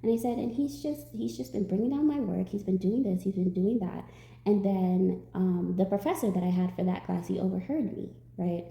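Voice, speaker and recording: A woman, a tarot reader, telling a personal story to her viewers in a lively way, acting out what people said. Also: mid-range voice, normal speed, vocal fry, roomy sound. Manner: animated storytelling, acts out quotes.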